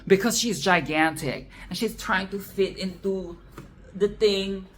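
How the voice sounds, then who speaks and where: A woman's voice: medium pitch, unhurried, a little hiss or hum. A woman hosting a film commentary video, ranting in a profane, exasperated and sarcastic way. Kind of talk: casual solo film rant.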